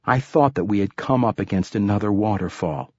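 Casting: calm male audiobook narrator, husky low voice, dry close sound. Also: no echo. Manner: calm, measured storytelling.

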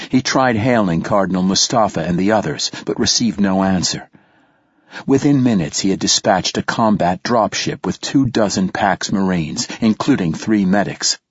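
A man narrating a story in the first person, in a steady, measured way. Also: lowish voice, breathy edge, no room sound. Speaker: audiobook narrator. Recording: dull lo-fi dry recording.

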